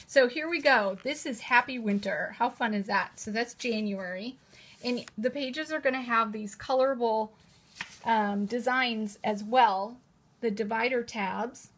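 A woman's voice: on the high side, a little slow, a bit bright. Gushing, chatty woman showing off products. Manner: gushing, chatty, repeats "how cute is that". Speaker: host presenting new planners. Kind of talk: casual live-stream product showcase. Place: indoors at a table at home. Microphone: camera in a holder on the table.

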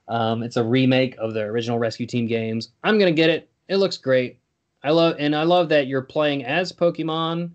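A young man co-hosting a podcast, chatting in a playful, jokey, rambling way. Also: medium pitch. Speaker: podcast co-host. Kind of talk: casual chat.

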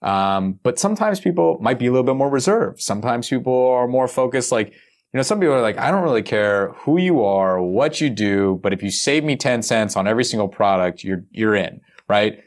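A man's voice: mid-range voice, lively intonation, brisk. A man hosting a podcast, asking his guest loose, casual questions. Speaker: podcast host.

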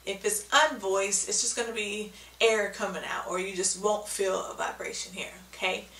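Woman, patient teacher, bright voice, echoey room, mic at a distance. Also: mid-range voice, fairly even intonation, normal speed. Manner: patient, explains step by step, often checks with "okay?". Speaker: speech therapy teacher. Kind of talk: instructional video lesson.

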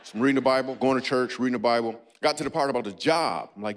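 A man doing a stand-up comedy set on a church stage, riffing playfully with a live audience. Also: fast. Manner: playful, riffing with the audience, breaks into squeaky and goofy voices.

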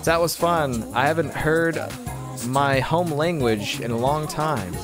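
A man's voice: on the high side, slow pace, pitched above the performer's own voice. A man doing a chipper student in a mock German accent. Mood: cheerful. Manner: chipper, eager. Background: game music.

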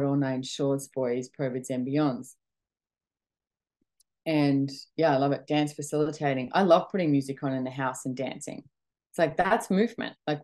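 Middle-aged woman host from Australia, low pitch, chatty motivational talk, acts out her inner voice. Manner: chatty, animated, full of quoted self-talk. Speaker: podcast host.

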